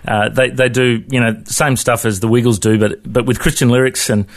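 Aussie bloke hosting a radio show, chatty and casual, mid pitch. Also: male voice, steady tone, moderate pace. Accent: Australian. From Australia. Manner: chatty, colloquial. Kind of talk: radio interview.

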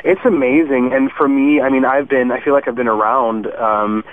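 A man's voice: mid-range voice, fairly even intonation, moderate pace. A young man speaking earnestly as a guest musician in a casual interview, with frequent "um" fillers. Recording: tinny phone line, faint hiss.

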